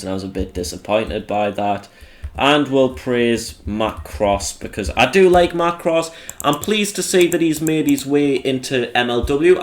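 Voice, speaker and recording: A young man, a channel host, giving rambling, sarcastic commentary over a wrestling sim game and swearing freely. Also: lowish voice.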